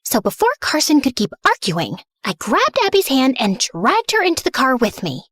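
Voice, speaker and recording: A young woman narrating her own animated story in first person, sassy, dramatic and sarcastic. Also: high voice, normal speed, slightly rough, no echo, studio quality. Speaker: narrator and heroine.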